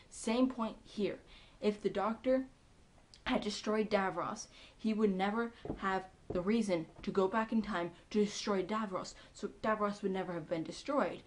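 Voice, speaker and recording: A woman giving a casual, excitable recap of a TV episode, chatty and full of ums and likes. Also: lowish voice. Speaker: TV episode reviewer.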